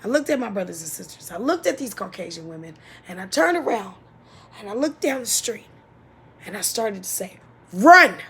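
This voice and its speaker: A woman telling a painful childhood story as a personal testimony, halting and emotional, often dropping to a near-whisper. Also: mid-range voice, lively intonation, breathy edge. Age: adult.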